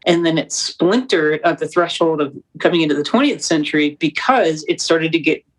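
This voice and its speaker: A young woman, a documentary producer, talking as a guest in an interview, with fast, animated, preacherly storytelling. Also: deep voice, low-quality recording. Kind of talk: conversational interview.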